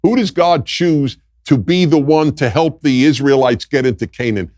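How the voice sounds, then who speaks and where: A man's voice: a little high, expressive, moderate pace, few pauses, a little mellow, dry recording, clean studio sound. An older man, a guest in a political discussion, speaking emphatically and repeating his points for weight. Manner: emphatic, repetitive.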